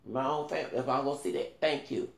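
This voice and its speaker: A man, a vlogger telling a rambling, animated story in casual talk and swearing now and then. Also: mid-range voice, fast, vocal fry, echoey room.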